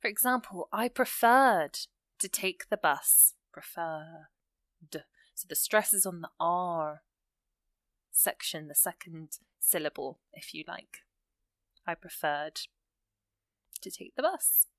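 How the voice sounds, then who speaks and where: A woman teaching an English grammar lesson, explaining rules step by step and reading out example sentences slowly. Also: lowish voice, expressive, a bit bright, dry recording.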